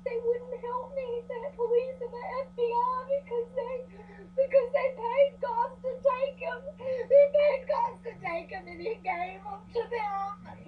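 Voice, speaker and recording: A woman's voice: steady tone, a little slow, hardly any pauses, narrow, tinny audio. An actress with a Southern accent playing a distraught, paranoid woman who is coming apart in a film drama, her voice frantic and tearful. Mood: desperate. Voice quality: frantic, tearful, high-strung. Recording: film audio from afar with hum.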